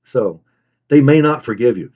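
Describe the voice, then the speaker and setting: A man's voice: medium pitch, lively intonation, normal speed, darkish tone. A man teaching fellow online resellers in an earnest, emphatic way, stressing and repeating his main points. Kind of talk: instructional talk.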